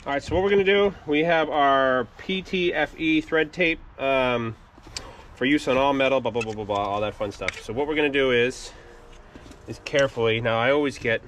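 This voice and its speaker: A man talks his viewers through an outdoor DIY job in a relaxed, chatty how-to vlog. He explains each step plainly, with frequent ums along the way. His voice sits in an ordinary middle pitch, with a faint hiss of noise behind it. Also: normal speed. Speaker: homesteading channel host. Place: outdoors by a wood boiler after snowfall.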